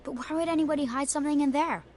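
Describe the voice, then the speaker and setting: Lady doing a young boy from a game, earnest and kinda unsure, high voice. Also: racing, a little mellow, slight background noise, lightly acted. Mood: puzzled.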